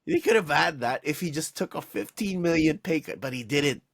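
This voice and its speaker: A man co-hosting a casual sports podcast, ranting in an animated, exasperated way with lots of restarts. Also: on the high side, moderate pace, gravelly. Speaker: podcast co-host.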